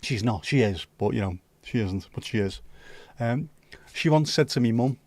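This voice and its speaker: A man hosts a casual livestream, answering viewers with sweary jokes and quick asides. His voice sits at an ordinary middle pitch. The sound is close and dry, with no room echo. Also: animated, darkish tone. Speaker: livestream host. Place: home livestream setup.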